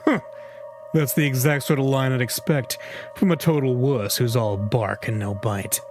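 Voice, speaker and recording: A man's voice: medium pitch, normal speed, over music, close to an everyday voice. A man voicing a cocky, taunting adult male journalist in a game read-through. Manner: taunting, wisecracking.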